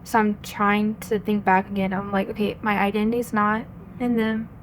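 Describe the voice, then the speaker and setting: A woman's voice: medium pitch, little pitch movement, normal speed, a little hiss or hum. A woman in her twenties, a podcast guest, telling her personal faith story in an earnest, chatty way and often quoting her own thoughts. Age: 20s. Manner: earnest, chatty, full of "like" and quoted inner thoughts.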